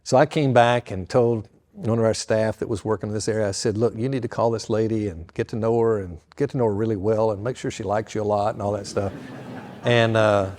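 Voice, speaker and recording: An older man, a pastor retelling a story with lively quoted dialogue to an audience. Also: on the low side, fairly quick.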